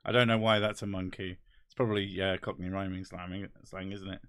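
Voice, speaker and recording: A man's voice: low-pitched, flat delivery, brisk, fairly bright tone, smooth, no echo, clean studio sound. A man with an English accent, hosting a casual chat, rambling and wry with casual swearing. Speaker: host. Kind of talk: casual chat reading comments.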